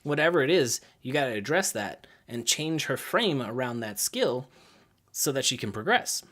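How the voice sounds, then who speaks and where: A young adult man, a gymnastics coach, talking casually to the camera about coaching. He is lively, uses many fillers, and acts out kids' lines in higher voices. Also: normal speed.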